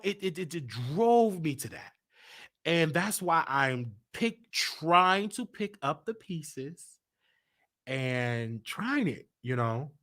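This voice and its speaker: Animated man opening up. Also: fairly high pitch. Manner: heartfelt, confessional, repeats himself. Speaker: show host. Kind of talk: candid personal livestream talk.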